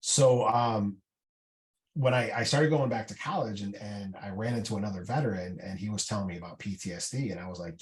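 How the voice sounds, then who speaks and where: A man's voice: fairly low pitch, a little fast. A middle-aged man, a veteran guest on a podcast, telling his story in a candid, casual way with many fillers and restarts. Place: indoor podcast room.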